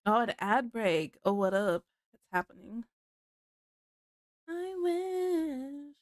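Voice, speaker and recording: A woman's voice: a little high, very animated, slow, dry recording, clean studio sound. A young woman chatting casually on a livestream, sick with a blocked nose and sniffling, laughing often and easily. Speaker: streamer.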